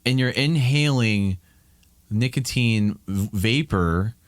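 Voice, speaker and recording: A man's voice: medium pitch, takes it slowly, no echo. A man in his thirties from Ohio, a podcast guest talking candidly and rambling with many restarts in casual chat.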